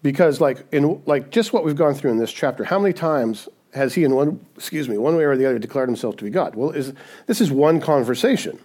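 A man's voice: medium pitch, a little fast. A man preaching a sermon as pastor, casual and conversational, often asking "right?" and acting out quoted voices. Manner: conversational, frequent "right?" tag questions; animated, acts out quoted voices.

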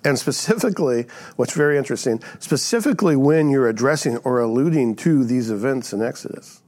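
A man's voice: mid-range voice, animated, a little fast, darkish tone. A male pastor giving a sermon in a conversational teaching style, often checking in with the congregation with a rhetorical "right?".

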